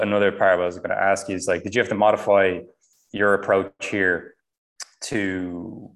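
A man with a low voice hosts a relaxed interview. He asks long, rambling questions and strings his thoughts together as he goes. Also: poor audio. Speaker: podcast host. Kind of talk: casual interview chat.

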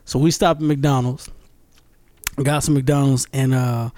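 A man's voice: mid-range voice, fairly even intonation, unhurried, darkish tone, no echo. A man telling a funny story in casual chat, laughing often and repeating himself.

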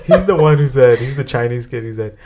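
A man from the Bay Area telling a funny story on a podcast, animated and full of fillers, laughing often. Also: mid-range voice, brisk, very noisy. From San Francisco Bay Area. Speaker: podcast co-host. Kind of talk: casual storytelling chat.

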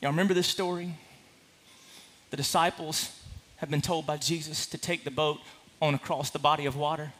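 A man preaching a sermon to a congregation, impassioned, swinging from hushed to loud. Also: a little high, fairly even intonation, normal speed. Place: large room with a congregation.

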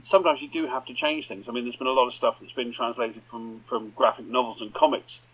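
A man's voice: medium pitch, steady tone, fast talker, breathy edge. A man co-hosting a podcast, chatting casually with reflective asides. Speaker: podcast co-host. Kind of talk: casual chat. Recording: dull lo-fi sound.

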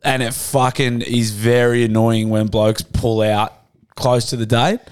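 A sweary man co-hosting a casual podcast with a smooth, clean voice. He talks bluntly and matily, and the sound is dry and close, with no room around it. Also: mid-range voice, flat delivery, a little slow, no echo. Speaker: podcast co-host. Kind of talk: casual banter.

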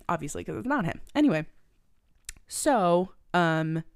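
A woman's voice: lowish voice, takes it slowly, vocal fry, no room sound, studio quality. A young woman co-hosting a podcast, chatting casually and profanely about a movie and acting out the characters' lines. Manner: profane, animated, acts out quoted lines. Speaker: podcast co-host. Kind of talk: casual chat recapping a movie.

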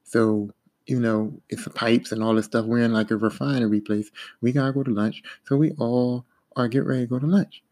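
A man casually telling a profane, animated story about a job that went wrong. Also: mid-range voice, fairly quick. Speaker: podcast host telling work stories. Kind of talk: casual spoken anecdote.

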